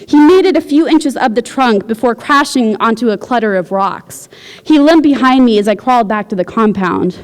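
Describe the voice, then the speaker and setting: A woman reading her own fiction aloud at a university, with a wry, deadpan delivery. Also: a little high, moderate pace, long reverb tail. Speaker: visiting writer. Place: university lecture hall.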